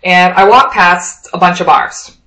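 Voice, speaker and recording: A woman from Wyoming telling a lively anecdote in a casual way, acting out the lines of the people she met. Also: fairly low pitch, unhurried, roomy sound, poor audio. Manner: lively anecdotal, acts out quoted dialogue. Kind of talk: casual storytelling.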